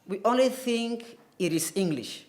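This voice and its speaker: A man's voice: high-pitched, expressive, a little slow, darkish tone. A man teaching a televised English lesson, explaining carefully and spelling words out letter by letter. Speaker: English tutor.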